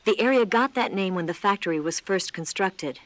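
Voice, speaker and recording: An actress voicing a cool female spy, calm measured briefing, mid-pitched voice, game radio dialogue. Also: no echo, close to an everyday voice.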